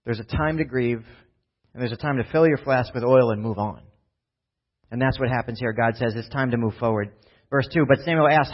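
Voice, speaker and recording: Male pastor, mid-pitched, conversational and animated, acts out scenes in voices; muffled lo-fi recording. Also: fairly quick. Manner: animated, often asks "right?" and acts out Bible scenes in voices. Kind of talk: conversational sermon. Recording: dull lo-fi sound.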